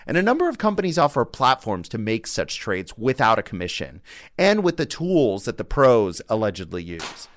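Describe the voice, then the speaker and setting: A man's voice: mid-range voice, wildly swooping pitch, moderate pace. A man hosting a podcast, reading a scripted opening in a conversational way with playful asides. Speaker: podcast host.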